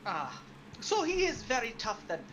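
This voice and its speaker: Lively, playful woman player. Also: a little high, normal speed, noisy background. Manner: curious, playful questioning. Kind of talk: tabletop role-play.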